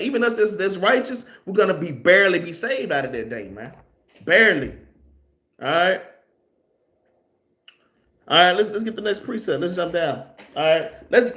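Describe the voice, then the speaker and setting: A man's voice: high-pitched, fairly bright tone. A man teaches a casual Bible class, reading verses aloud and explaining them in a loose, conversational way that keeps ending phrases with "man.". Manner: reads scripture aloud, then explains it.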